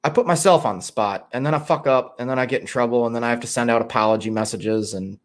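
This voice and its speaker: A man's voice: medium pitch, fast talker. A man hosting a livestream in a casual, rambling way, reading out chat messages, swearing freely and poking fun at himself. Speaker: livestream host.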